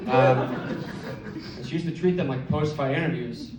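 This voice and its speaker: A man doing a stand-up set in a comedy club, telling stories deadpan and landing punchlines with energy. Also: medium pitch, moderate pace, heavy background noise. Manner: deadpan storytelling, animated punchlines. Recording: roomy club, distant mic. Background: audience laughter.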